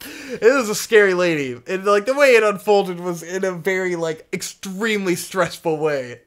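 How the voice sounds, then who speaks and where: A man's voice: high-pitched, moderate pace, a bit bright. Rambling, profane young man telling a story. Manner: rambling, profane, lots of "like" fillers. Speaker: podcast co-host. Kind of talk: casual storytelling chat.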